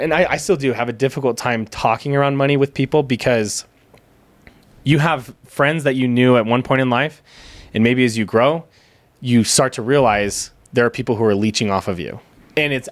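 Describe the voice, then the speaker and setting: A man's voice: mid-range voice, a little fast, no echo. Guy telling his story on a podcast, swears a bit, acts out the quotes, dry close sound. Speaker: podcast guest. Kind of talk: casual chat.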